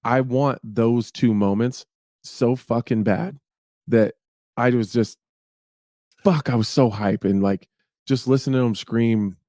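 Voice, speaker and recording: An excitable man chats on a podcast and swears often. His voice is mid-pitched for a man. The recording is close and dry. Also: a little slow, pauses often, no echo. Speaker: podcast co-host. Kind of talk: casual chat.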